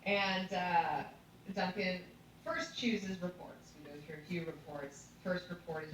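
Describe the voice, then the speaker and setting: A woman giving an animated comic breakdown of a story, swearing and laughing as she goes. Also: on the low side, a little slow, heavy reverb, distant mic, slight background noise, poor audio. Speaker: commentator.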